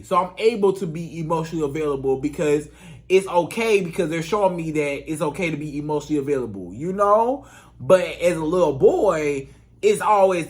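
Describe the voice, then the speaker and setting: A man's voice: on the high side, expressive, brisk. A man giving relationship advice in a casual, emphatic monologue, repeating his points in colloquial speech. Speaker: relationship coach.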